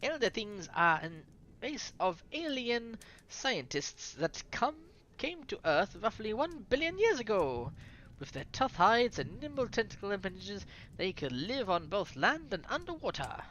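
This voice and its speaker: Pompous French scientist, slow and lecturing, lively pitch, put on by a reader. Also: muffled recording.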